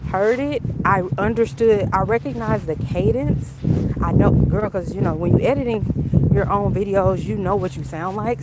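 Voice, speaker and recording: A woman chatting on a casual walk-and-talk livestream outdoors, talking in an animated way and answering viewers' comments. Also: mid-range voice, heavy background noise. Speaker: livestream vlogger.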